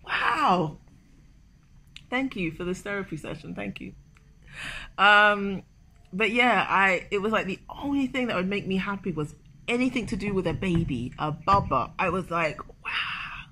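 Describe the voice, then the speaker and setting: Bright-voiced chatty young woman. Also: mid-range voice. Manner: chatty and emotional, full of "like". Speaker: vlogger. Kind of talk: casual confessional vlog storytelling.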